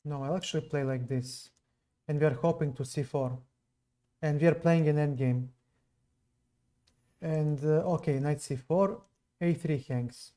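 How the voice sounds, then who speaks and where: Male chess streamer from Serbia, non-native English accent, slow unhurried delivery, soft dark tone. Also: fairly high pitch. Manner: slow, musing, chats with viewers between moves. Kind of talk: live stream commentary while playing.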